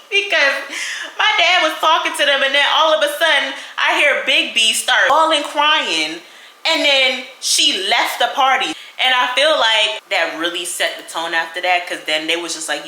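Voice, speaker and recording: A young woman vlogger telling a storytime in an animated, sassy way, talking straight to the listener. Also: high-pitched, normal speed, echoey room. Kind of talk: storytime vlog.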